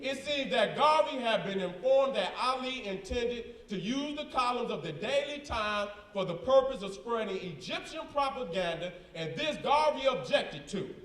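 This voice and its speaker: A man's voice: very high-pitched, expressive, moderate pace, hardly any pauses, a bit bright, echoey room, far from the mic. A man in a live debate, reading documents aloud with emphatic, combative slang asides. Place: event hall with a crowd.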